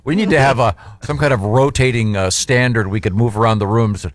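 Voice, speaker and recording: A man's voice: mid-range voice, fairly quick. A man hosting a radio show in casual banter, leading segments with wisecracks and puns.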